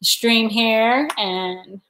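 A woman's voice: a little high, drawn-out words, a bit bright, a little hiss or hum. A woman hosting a home livestream, rambling casually, giggling often and reading viewer comments aloud. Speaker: livestream host.

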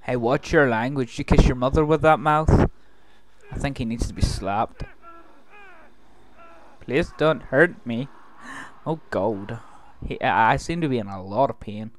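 A man recording let's play commentary, joking and talking back to the game's characters. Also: medium pitch. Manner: jokey, talks back to game characters. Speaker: gaming video host.

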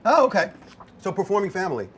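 Upbeat guy hosting a bar talk show, highish voice, really animated, asking lots of questions. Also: quick pace, a little hiss or hum. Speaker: host. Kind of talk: casual interview chat. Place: bar set.

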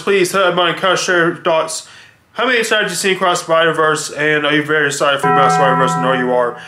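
A man's voice: fairly high pitch, pushed and bright. A man hosting a reaction video, talking casually and laid-back, repeating himself with fillers. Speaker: reaction channel host. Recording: echoey room.

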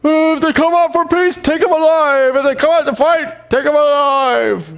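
A man's voice: very high-pitched, normal speed, a bit bright, voice pushed up. A man voicing a drunk, boastful ancient king who slurs his orders. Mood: drunken.

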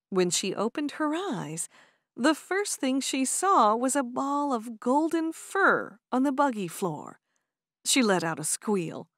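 A woman narrating an audiobook in an expressive, animated storytelling manner. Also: fairly high pitch, unhurried, no echo, clean studio sound. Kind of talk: scripted narration.

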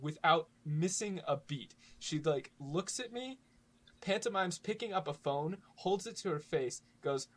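A man's voice: a little high, normal speed, a bit bright. A young man chatting casually as a podcast guest, joking and sardonic, often laughing. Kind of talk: casual comedic chat.

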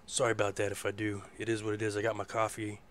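A man hosting a casual live internet radio show. His voice is hoarse, and he rambles in a laid-back way and swears freely. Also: on the low side, completely flat delivery, fast talker, fairly bright tone, a little hiss or hum. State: hoarse from a rough voice. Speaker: host.

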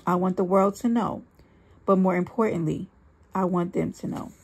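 A woman reads a dramatic first-person story aloud in a husky voice with plenty of creak. Her delivery is earnest and emphatic, and she slows down to give weight to key lines. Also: lowish voice, steady tone, a little mellow. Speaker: reader.

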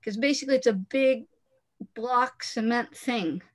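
A woman's voice: a little high, measured pace. Chatty woman author on a video call. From Los Angeles area, USA. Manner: chatty, laughs often, many "you know" fillers. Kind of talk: casual talk and reading at a book launch.

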